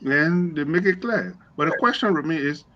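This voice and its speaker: A man's voice: a little high, animated, moderate pace, dull audio, over a noisy crowd. A man speaking as a guest on a political panel, evasive and repetitive, with the odd chuckle.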